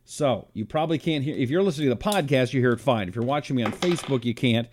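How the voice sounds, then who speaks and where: A man hosting a solo talk show, reading listener comments and talking in an animated, rambling way. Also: quick pace. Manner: animated, rambling, lively swings in pitch. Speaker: radio talk show host. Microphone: own broadcast setup, fixing a failed mic on air.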